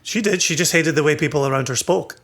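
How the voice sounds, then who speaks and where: A man from southwest Scotland with a Scottish accent softened toward American, co-hosting a casual podcast chat in a wry, teasing way. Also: fairly high pitch, fast. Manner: wry, teasing, laughs often. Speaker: podcast co-host.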